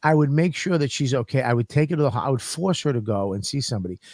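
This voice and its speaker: A man co-hosting a podcast, telling profane, animated stories in casual comedic chat. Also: mid-range voice, fast, no echo, studio quality. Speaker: podcast co-host.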